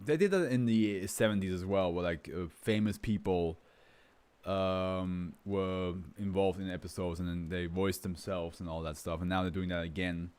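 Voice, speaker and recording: A man's voice: sits low, steady tone, moderate pace, darkish tone, clean tone. A man talking in a loose, rambling way, full of fillers and laughs, then reading a document aloud as a streamer. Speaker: host reading to a live stream. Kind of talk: casual chat and reading aloud.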